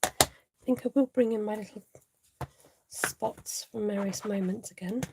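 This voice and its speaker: A woman's voice: mid-range voice, unhurried, background noise. A woman hosting a live card-making tutorial, chatting to viewers and laughing often as she works.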